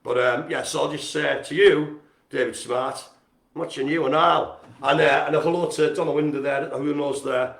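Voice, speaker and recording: A man hosting a community centre's live stream, giving casual, jokey shout-outs and poking fun at himself. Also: on the high side, steady tone, normal speed, creaky. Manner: chatty, jokey and self-mocking. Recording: roomy echo.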